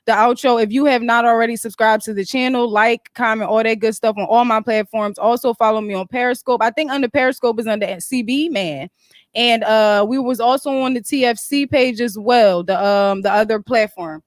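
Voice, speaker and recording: A woman's voice: on the high side, fairly quick, no echo, studio quality. A woman hosting a casual livestream chat, rambling and easily sidetracked as she talks. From Philadelphia. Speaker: host.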